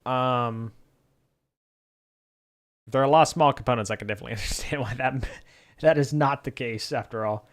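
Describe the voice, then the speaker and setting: A man's voice: medium pitch, moderate pace, long pauses. A man streaming, thinking aloud in casual chat with many fillers and answering his chat.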